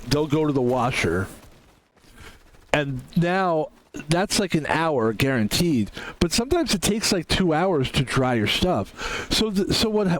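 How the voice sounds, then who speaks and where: Guy streaming a game, rambling and swearing, kinda high voice that bounces all over. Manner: rambling, self-mocking, swears freely. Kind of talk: casual chat while gaming on stream.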